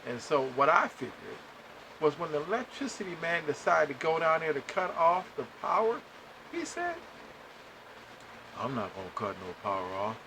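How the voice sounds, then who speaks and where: A man hosting a podcast, telling a story to listeners in an animated way and acting out the dialogue. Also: on the high side, moderate pace, noisy background. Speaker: podcast host.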